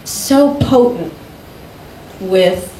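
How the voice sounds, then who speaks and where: A woman recounts a personal story at a slow, easy pace, taking her time between phrases. She laughs easily as she talks. The room around her is echoey, with a faint hiss behind. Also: medium pitch, expressive, mellow. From United States. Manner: unhurried, often breaking into laughter. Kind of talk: storytelling in conversation.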